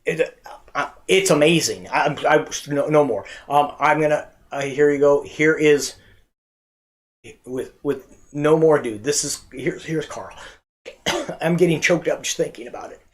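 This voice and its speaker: A man hosting a church comedy night, telling corny jokes in a halting way with many fillers and restarts. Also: fairly high pitch. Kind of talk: casual joke telling to camera.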